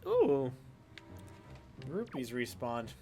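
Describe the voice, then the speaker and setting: Fast-talking Kentucky man streaming a game. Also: mid-range voice, wildly swooping pitch, mellow, faint music behind. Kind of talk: casual live-stream commentary.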